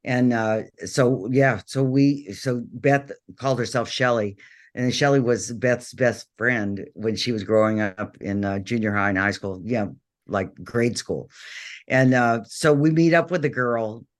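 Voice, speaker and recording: A man's voice: medium pitch, unhurried. A middle-aged man telling stories as an interview guest, rambling with many fillers and restarts over a video call. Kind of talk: casual interview storytelling.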